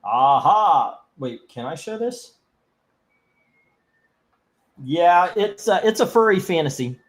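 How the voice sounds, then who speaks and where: High-voiced and animated, this man speaks at a moderate pace while running a live comic book auction stream. His casual livestream chat wanders and jokes around, and he reads viewer comments aloud.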